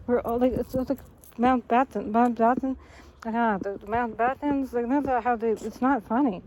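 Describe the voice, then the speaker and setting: On a low-quality recording, a woman rambles solo to the camera at a moderate pace, her voice on the high side, darkish, and fairly even in intonation. She jumps across topics, revises herself mid-sentence, and sprinkles in fillers and small laughs.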